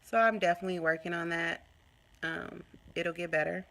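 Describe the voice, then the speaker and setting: A woman vlogging casually to her phone, telling a story in an animated way and acting out what people said. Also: fairly low pitch, normal speed, gravelly. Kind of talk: casual chat to camera.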